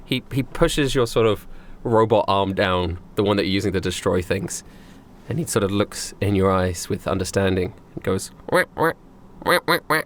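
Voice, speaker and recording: A man narrating as game master, animated and quick to laugh. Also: low-pitched, slight background noise.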